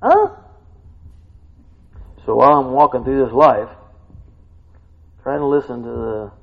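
A middle-aged male pastor preaching a sermon, tired, animated, swinging from quiet talk to shouting. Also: medium pitch, unhurried, vocal fry. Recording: dull lo-fi recording.

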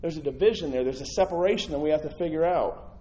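Give me an animated male pastor preaching a sermon, swinging from loud to hushed. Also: on the high side, quick pace, low-quality recording.

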